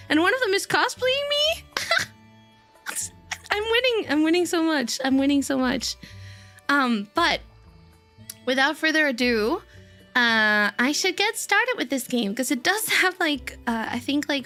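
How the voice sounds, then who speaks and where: A woman streamer with a high, sharp-toned voice chats casually on a live stream with her viewers. She is giggly and gushing and laughs often.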